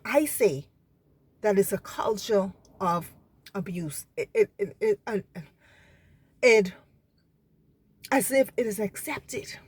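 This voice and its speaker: A Bahamian woman with a mid-range, slightly breathy voice speaks slowly and pauses often. In an impassioned spoken reflection on faith and anger, she is earnest, repeats herself, and checks in with listeners by asking "you understand?"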